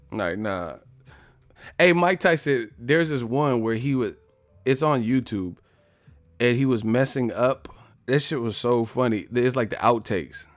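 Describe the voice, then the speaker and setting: Casual male streamer, profane and jokey, mid pitch, dry room. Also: animated, moderate pace, no room sound. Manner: profane, joking, laughs often. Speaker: boxing streamer. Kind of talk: casual live-stream chat.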